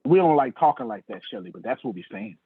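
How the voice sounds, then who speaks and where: Talking fast in an expressive, medium-pitched voice, this male sales trainer preaches his sales lesson with fire, naming listeners on the video call. The audio comes through a tinny, dry, phone-like line with a little hiss or hum.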